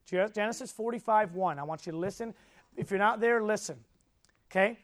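A man delivering a sermon in a notably high voice. He tells the story with animated energy, drops to a hush and then bursts out loud, and keeps asking his listeners questions. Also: fairly quick. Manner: swings between soft and loud. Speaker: preacher.

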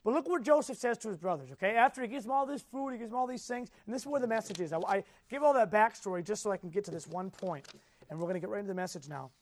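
Male preacher, high voice, lively storyteller who quizzes the room and jumps from hushed to loud. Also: very fast. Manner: animated storytelling, asks the audience questions; swings between soft and loud. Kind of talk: sermon.

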